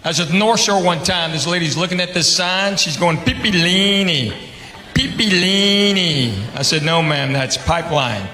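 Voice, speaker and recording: On a theater stage before a live audience, a man from the United States with a Southern American accent performs stand-up, telling drawling stories and laughing at his own punchlines. His voice is fairly high, a little fast and bright, with a forceful tone and few pauses. The roomy theater carries audience laughter and background noise.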